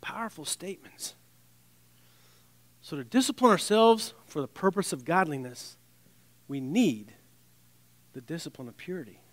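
A man preaching a sermon in a conversational way, with wry asides and restarts, dropping to a soft, low voice on scripture. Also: animated, moderate pace, pauses often, no echo.

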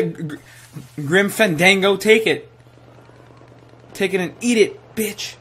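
A young man giving live commentary while playing a shooter game, excitable and swearing, sometimes saying he is tired. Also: high-pitched, normal speed, pauses often, husky. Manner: excitable, swears, yells at kills. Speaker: gaming streamer.

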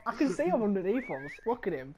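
A man's voice: high voice, very animated, quick pace, a crowd in the background. A young man teasing his friends in casual game chat, giggling often. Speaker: gamer.

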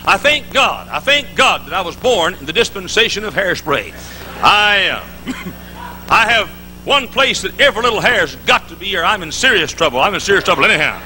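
A middle-aged preacher delivers a sermon in a large hall, spinning folksy stories full of jokes and restarts. His voice sits high. His delivery is sharp and forceful. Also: very animated, normal speed, slight background noise. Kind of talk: live conference sermon.

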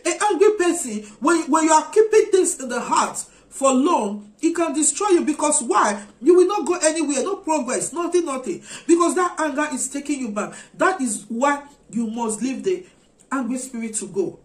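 A woman's voice: high-pitched, lively intonation, moderate pace. A woman preaching a sermon, urging her listeners with earnest, repeated exhortations. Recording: echoey room.

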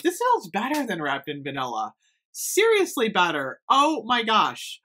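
A woman reviewing scented products in an excited, gushing chat, gasping and saying "oh my gosh" often. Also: on the high side, measured pace. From United States. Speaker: beauty haul vlogger.

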